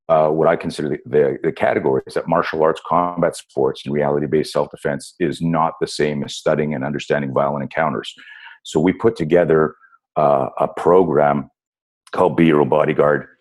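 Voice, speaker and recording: A man in his fifties with an extremely deep voice tells stories as a podcast guest. His voice is husky, and he talks in an animated way, full of fillers and restarts. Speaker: guest, self-defense instructor. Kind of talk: casual storytelling interview.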